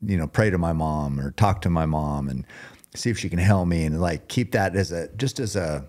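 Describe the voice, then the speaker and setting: A man hosting a podcast, talking in a calm, reflective way in a casual interview. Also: deep voice, normal speed. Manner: calm, reflective, gives short backchannel replies. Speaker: podcast host.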